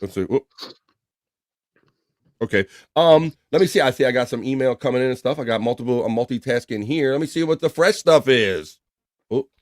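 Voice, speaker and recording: A man's voice: mid-range voice, expressive, brisk, no echo, clean studio sound. A man hosting a livestream talk show, wisecracking, laughing often and reading viewer comments.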